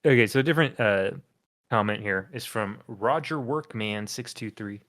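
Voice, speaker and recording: A man's voice: on the low side, normal speed, fairly bright tone. A male podcast co-host in loose, joking conversation. He reads comments out one by one and keeps breaking into small laughs between them. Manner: reads comments aloud, chuckles often. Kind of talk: casual comedic chat.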